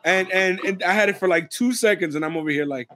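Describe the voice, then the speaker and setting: A man co-hosting a casual wrestling recap, animated and profane, laughing often and slipping into mocking voices. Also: high voice, quick pace. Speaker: podcast co-host.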